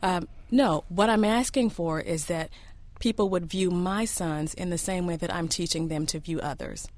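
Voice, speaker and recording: A woman's voice: on the low side, normal speed, a little mellow, dry recording. A woman who is a writer and mother, speaking earnestly and personally as a radio guest. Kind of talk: earnest conversation.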